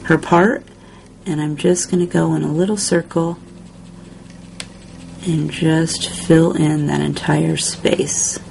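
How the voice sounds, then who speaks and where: A woman hosting a step-by-step coloring tutorial, talking in a relaxed, chatty way while she works. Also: low-pitched, slow pace, gravelly, pauses often, a little hiss or hum. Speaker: crafting tutorial host.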